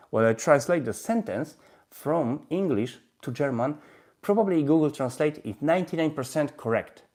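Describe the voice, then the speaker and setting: A man speaking English as a non-native with a Polish accent, his voice medium-pitched and warm, casually hosts a language-learning livestream. He goes through his flashcards haltingly, repeating and restarting phrases and chuckling often.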